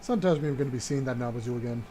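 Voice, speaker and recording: A man's voice: mid-range voice, racing, dark tone, a little hiss or hum. A young man streaming a video game, playful and joking as he reads its text aloud and laughs at it. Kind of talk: let's play commentary, reading game text aloud.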